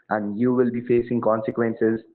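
A man's voice: mid-range voice, little pitch movement, takes it slowly, slight background noise. A man playing a support agent on a phone call, pushy and threatening, repeating his demands over and over. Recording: tinny phone line.

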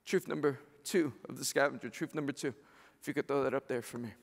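A man's voice: mid-range voice, fairly even intonation, fast, creaky, long reverb tail. A pastor in his thirties preaching a chapel sermon with emphatic, repeated phrases. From New York. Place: university chapel.

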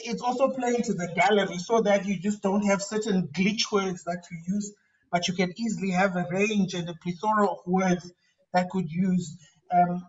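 High-voiced professor heard from afar. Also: male voice. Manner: conversational, repeats words and restarts often. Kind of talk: lecture on academic writing. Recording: dull, distant lo-fi recording.

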